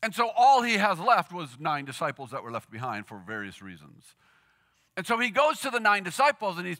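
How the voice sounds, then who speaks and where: A man preaching a sermon in a lively, conversational storytelling way, acting out the characters as he goes. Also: high-pitched, a little fast. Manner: animated, conversational storytelling with acted quotes. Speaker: pastor.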